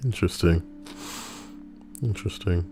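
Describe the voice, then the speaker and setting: A man's voice: deep voice, normal speed, mellow, faint music behind. A man streaming and chatting casually, joking and rambling in a goofy way.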